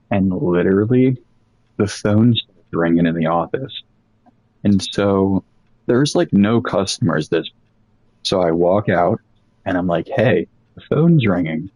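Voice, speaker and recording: A young man casually telling a rambling, profane story about old jobs, animated as he quotes people. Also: lowish voice, dry recording, highs cut off.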